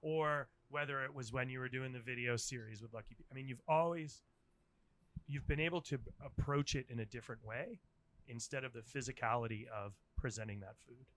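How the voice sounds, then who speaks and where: Male chef-host, interviewer, bright edgy timbre, middle pitch, eager interjector. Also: fairly quick. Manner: eager, chiming in over the guest. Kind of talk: casual interview chat.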